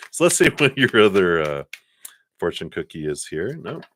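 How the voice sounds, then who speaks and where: A man giving a live tarot reading, chatty and warm-humored, laughing often and trailing off with fillers. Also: deep voice, big pitch swings, measured pace, background noise. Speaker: tarot card reader.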